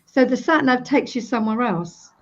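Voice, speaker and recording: A woman's voice: on the high side, expressive, moderate pace. A woman in her fifties, a practitioner being interviewed, explaining her technique and acting out sample self-talk as she goes. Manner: demonstrative, acts out sample self-talk while tapping. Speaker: EFT practitioner, guest. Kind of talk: casual interview. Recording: dull lo-fi recording.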